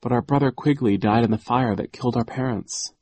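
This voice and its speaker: Storybook girl, gentle and sad, earnest, read by a man. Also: mid-range voice, a little fast, no echo, voice pushed up, natural voice.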